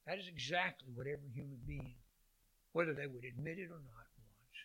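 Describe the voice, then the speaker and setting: A man preaching a sermon, swinging from loud calls to hushed lines and repeating phrases for emphasis. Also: mid-range voice, fairly quick, husky.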